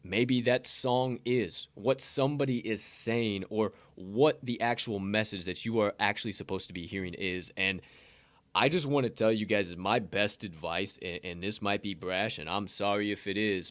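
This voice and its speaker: A man with a lowish voice delivers a casual motivational segment on a podcast. He is blunt and profane, and he rambles and restarts as he talks. The sound is dry and close. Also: moderate pace, fairly bright tone, dry recording.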